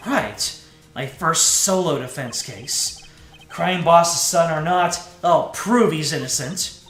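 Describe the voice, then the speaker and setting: A man's voice: on the high side, takes it slowly, a bit bright. A man voicing an earnest, eager young male defense attorney, in an echoey room.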